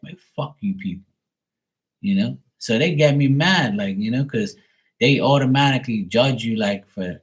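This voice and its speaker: A man with a fairly low voice tells a personal story in casual talk. He gets heated and profane, and his delivery stays animated. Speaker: livestream host.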